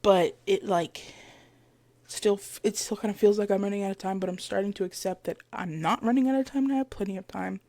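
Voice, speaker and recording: Her mid-range voice runs a little fast on a dry recording made through a headset mic. The twentysomething hosts a solo podcast, chatting casually and bringing the people in her stories to life with animated quoted voices.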